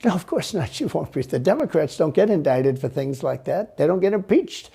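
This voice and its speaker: Gravelly rambling man in an interview. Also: a little high, very animated, a little fast, mellow. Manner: rambling, repetitive, boastful. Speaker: interview guest. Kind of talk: played interview clip.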